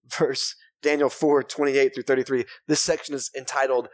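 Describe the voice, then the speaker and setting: A man's voice: mid-range voice, little pitch movement, moderate pace. A man preaching a sermon in church, reading scripture aloud and breaking off into joking asides. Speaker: pastor.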